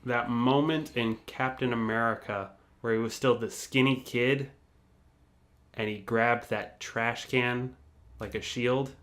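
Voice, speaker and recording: A man's voice: mid-range voice, fairly even intonation, slow pace, fairly bright tone. A man co-hosting a casual podcast chat in an easygoing, hesitant way. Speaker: podcast co-host.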